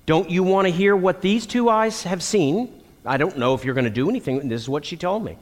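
A middle-aged man from Texas, preaching to men in an animated storytelling way, acting out quotes. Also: high voice, a little fast. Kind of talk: sermon to men. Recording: long hall reverb.

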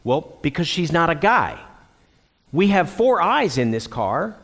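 A middle-aged man from Texas, preaching to men in an animated storytelling way, acting out quotes. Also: fairly high pitch, unhurried. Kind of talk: sermon to men. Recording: long hall reverb.

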